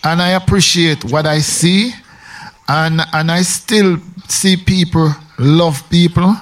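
Jamaican man on radio chat, a bit high voiced, rambling, repeats himself a lot. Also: fairly even intonation, takes it slowly. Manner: rambling, emphatic, with repetitions. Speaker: radio host.

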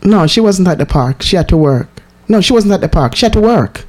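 A woman's voice: on the low side, lively intonation, brisk, darkish tone. A woman chatting casually with a friend, laughing often and arguing playfully. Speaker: church member. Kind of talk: casual chat between friends.

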